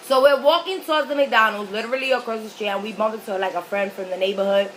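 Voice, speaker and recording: A woman's voice: fairly high pitch, quick pace, slight background noise, low-quality recording. A young woman vlogger telling a story casually while she eats, swearing freely and acting out the people in it. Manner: animated, swearing, acts out the other people in the story. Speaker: mukbang vlogger.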